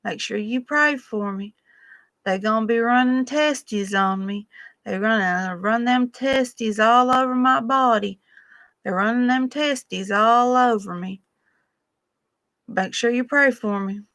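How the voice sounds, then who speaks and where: A woman's voice: a little high, slow, a bit bright, dry recording. A woman voicing an earnest older country woman who mispronounces words as she asks for prayers. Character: chatty older country woman, worried, sincere.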